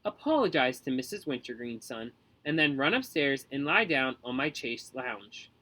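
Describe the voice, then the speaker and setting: A man's voice: medium pitch, big pitch swings, normal speed, bright, forceful tone, poor audio. A man voicing a fussy, doting mother who gushes over her son and coddles him. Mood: coddling. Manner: gushing, coddling.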